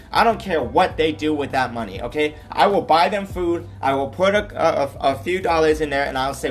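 A man's voice: fairly high pitch, moderate pace. A man hosting his own podcast, talking earnestly about his life and often checking in with "right?" and "okay?". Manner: earnest, repeats himself, tags lines with "right?" and "okay?". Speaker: podcast host. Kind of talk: solo personal podcast monologue.

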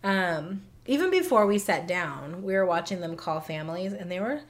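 A woman's voice: on the low side, animated, moderate pace. A young woman co-hosting a podcast, chatting casually and telling stories with lots of "like" and "um". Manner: chatty storyteller, filler words like "like" and "um". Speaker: podcast co-host. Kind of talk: casual chat.

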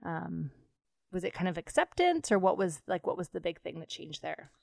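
Low gravelly woman hosting an interview. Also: sing-song, normal speed, a little mellow, no room sound, studio quality. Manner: empathetic, reflective, many fillers. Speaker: podcast host. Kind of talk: conversational interview.

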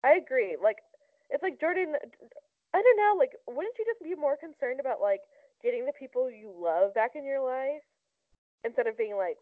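Here a young female co-host with a high, expressive voice chats about celebrity gossip at a moderate pace, saying "like" constantly. The sound is dry and tinny, as if over a phone.

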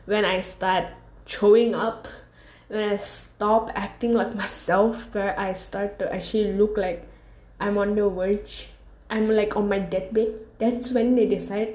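A woman's voice: medium pitch, steady tone, a little slow, a little mellow. A young woman telling a casual storytime monologue, rambling and candid, with lots of fillers. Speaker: vlogger. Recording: roomy echo.

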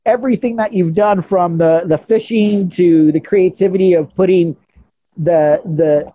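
An enthusiastic interview host speaks in a mid-pitched voice over a video call. The sound is dull and lo-fi. The phrasing is halting and effusive. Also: slightly rough. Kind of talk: casual interview conversation.

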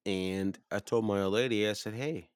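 A low-voiced man around thirty chats casually, stringing profane stories together with lots of filler. When he rants his voice jumps high and loud. The sound is dry and close. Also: level tone, normal speed, clean tone, no echo. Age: 30s. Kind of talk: casual storytelling chat.

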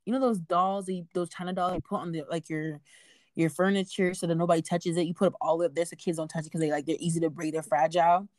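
Teen girl co-host, lowish voice, dry close sound, rambling and sarcastic. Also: level tone, quick pace, darkish tone, no room sound. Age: teens. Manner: rambling, restarts, sarcastic asides. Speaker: podcast co-host. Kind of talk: casual chat.

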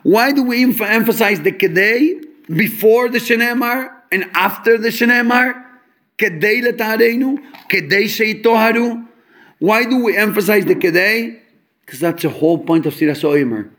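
Brief: male Torah teacher, high pitched, lively, homely examples, Hebrew terms sprinkled in. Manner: animated, explains with homely examples; mixes English with Hebrew and Yiddish terms. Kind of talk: fabrengen talk on Chassidic teachings.

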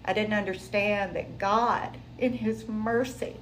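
A woman sharing her personal testimony in an interview, telling it in a lively, conversational way. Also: mid-range voice, takes it slowly, a little hiss or hum, poor audio. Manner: animated, conversational storytelling.

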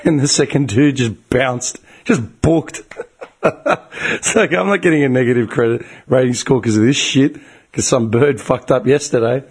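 An Australian man in his twenties or thirties rants in a casual way, swears a lot and retells each exchange with mounting outrage. His voice is mid-pitched and sits in the middle of the male range. It sounds worn and a little strained from talking so long. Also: normal speed, breathy edge. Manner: profane, exasperated storytelling with bursts of animated outrage. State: voice getting tired and strained. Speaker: group chat regular. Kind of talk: casual ranting story.

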